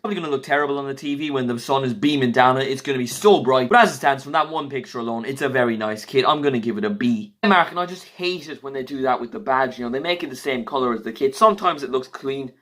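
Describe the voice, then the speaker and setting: A man giving blunt, jokey, quick verdicts in a casual vlog, reviewing football kits. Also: mid-range voice, a bit bright. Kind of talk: casual opinionated vlog commentary.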